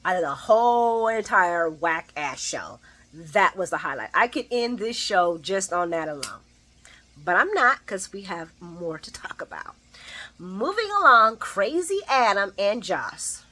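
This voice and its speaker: A woman giving a casual, profane daily soap opera recap with animated asides. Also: medium pitch, measured pace, poor audio.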